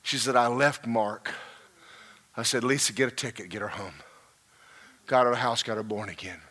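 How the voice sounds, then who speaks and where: A man preaching a sermon, swinging from low murmurs to shouted passages. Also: moderate pace. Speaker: pastor.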